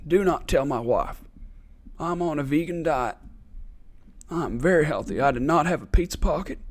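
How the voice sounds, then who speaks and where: A man's voice: fairly high pitch, lively intonation, moderate pace, natural voice. A man voicing a sheepish man giving a mock-formal denial that he ate snacks. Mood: mock-solemn.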